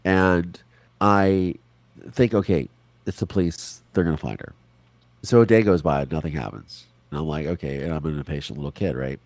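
A man in his forties, an interview guest, telling a personal story in a casual, animated way, acting out other people's lines. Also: very deep voice, moderate pace, no room sound. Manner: animated, quotes people in put-on voices, swears.

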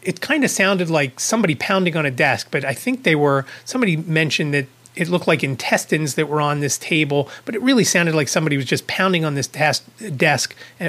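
A man's voice: a little high, fairly quick, a bit bright. A man hosting a podcast, telling a story in a casual, rambling way with wry asides. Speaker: podcast host.

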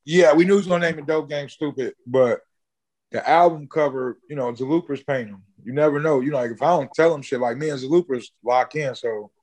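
A man in an interview, casually telling a long story, swearing freely and jumping high in pitch when he acts out what people said. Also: a little fast, a little mellow. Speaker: interview guest, musician.

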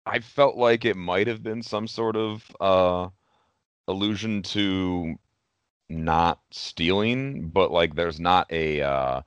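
A man's voice: deep voice, takes it slowly, clean tone, no echo, lo-fi sound. A man co-hosting a casual gaming podcast, with a dry, sarcastic way of talking. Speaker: podcast co-host.

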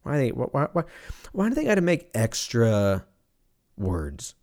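A young man riffs through a rambling comedic monologue, cursing freely and dropping into quick goofy voices for imaginary people. His pitch swings all over the place as he talks. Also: huge pitch swings, a little mellow. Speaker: podcast host.

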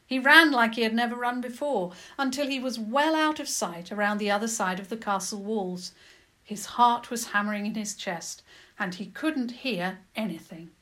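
A woman narrating a children's adventure story in a lively, expressive storytelling manner. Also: a little high, moderate pace.

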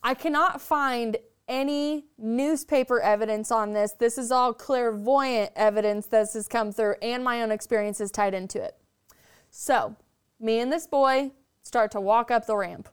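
A woman telling a story as a podcast guest, animated and chatty, swearing freely. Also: on the high side, unhurried, clear, resonant tone. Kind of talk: casual storytelling.

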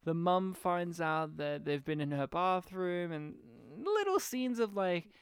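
Animated man reviewing a movie. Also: sits high, measured pace, clean tone, no room sound, studio quality. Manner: animated, sweary, acts out quotes. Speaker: podcast co-host reviewing a movie. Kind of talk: casual chat.

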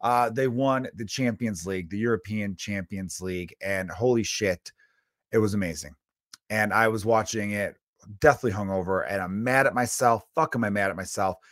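A man hosting a comedy podcast, telling a long profane story in an animated, casual rant and acting out his own inner voice. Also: on the low side, normal speed, no echo, clean studio sound.

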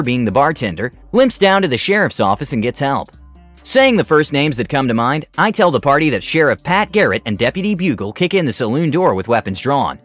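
A man narrating a scripted tabletop game story in an animated way, putting on voices for characters. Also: mid-range voice, brisk, no room sound, faint music behind.

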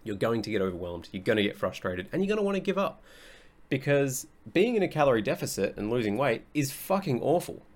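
A man's voice: mid-range voice, big pitch swings, fast talker. A young adult man hosting a casual solo podcast as a coach, talking bluntly, swearing often and laughing easily.

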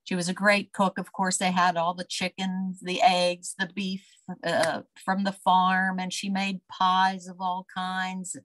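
A woman recalling family memories as an interview guest, unhurried and full of fillers. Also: lowish voice, completely flat delivery, a bit bright, dry recording. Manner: reminiscing, unhurried, with many fillers. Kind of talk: casual storytelling.

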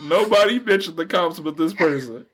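A man's voice: fairly high pitch, animated, moderate pace, a bit bright, husky. Laughing man telling a story. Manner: laughs often while telling a story, slangy. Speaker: podcast co-host. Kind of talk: casual chat.

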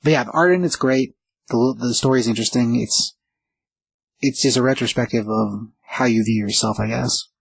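A man's voice: mid-range voice, normal speed, gravelly, slightly rough, dry recording, poor audio. A man casually reviewing a comic book on a podcast, hesitant and thinking aloud as he talks. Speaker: podcast co-host.

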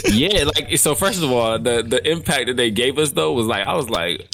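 Young guy on an anime podcast retelling scenes, average pitch, slight hiss behind him. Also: expressive, fairly quick, creaky, a bit bright. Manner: storytelling, retells scenes with quoted voices. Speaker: podcast co-host. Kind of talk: casual anime review chat.

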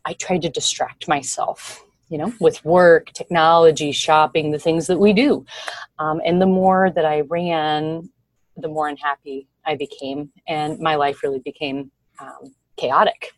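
A woman on a podcast answers in a calm, soothing voice that sits fairly low. She talks very slowly and takes her time between sentences, and the recording is dry and close. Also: no room sound. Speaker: podcast guest. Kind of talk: interview answer.

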